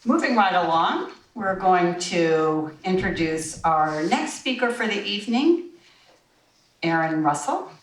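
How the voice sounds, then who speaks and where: A woman hosting a club meeting, briskly introducing the next speaker. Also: on the low side, animated. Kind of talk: meeting emcee. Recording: roomy, distant mic, audible noise.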